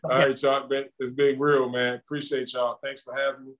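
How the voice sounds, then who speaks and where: A man, a former basketball champion, talking casually as an interview guest in a relaxed, slangy way that repeats words. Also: mid-range voice, moderate pace, poor audio.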